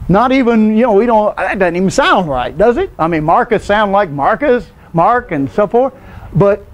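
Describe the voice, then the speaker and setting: A man's voice: high-pitched, slight background noise. A man leading a Bible class, asking the group questions and often answering them himself. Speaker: Bible study teacher. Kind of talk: conversational Bible teaching.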